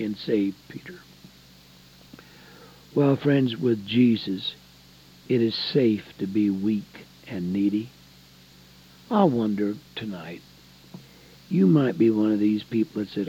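A man preaching a folksy sermon, dropping to soft low asides and rising to emphatic points. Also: measured pace, long pauses, breathy edge. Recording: dull lo-fi recording.

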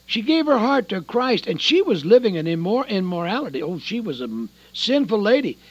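A man preaching a radio sermon, swinging dramatically between loud calls and hushed words. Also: sits high, big pitch swings, fairly quick, no echo, dull audio.

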